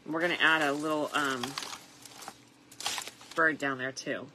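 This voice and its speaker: A tired middle-aged woman chatting softly and reflectively as she makes a wreath, with plenty of fillers along the way. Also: sits low, fairly even intonation, measured pace, noisy background. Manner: soft-spoken and reflective, with frequent fillers. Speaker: craft vlogger. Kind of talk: casual crafting chat.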